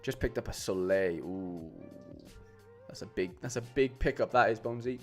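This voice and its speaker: This streamer, working on fantasy football lineups, talks at a moderate pace in a lowish voice as music plays faintly behind him. His live-stream chatter is casual and meandering, full of fillers and false starts, and he addresses viewers as "mate".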